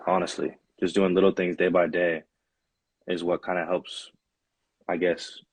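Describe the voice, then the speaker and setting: A young man hosting a podcast, relaxed and steering the casual conversation. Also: deep voice, unhurried, breathy edge, dry recording. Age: young adult. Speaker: podcast host. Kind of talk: casual chat.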